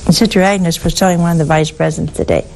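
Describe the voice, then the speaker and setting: A woman giving a sermon in a slow, deliberate way, with asides and some softly whispered stresses. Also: lowish voice, fairly even intonation, gravelly, a little hiss or hum, poor audio. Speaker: preacher.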